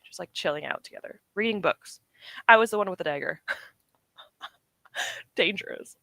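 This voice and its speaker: A woman's voice: lowish voice, a bit bright, no room sound. A young woman from the UK chatting casually with her stream chat, rambling, laughing often and correcting herself. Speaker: streamer reading chat comments.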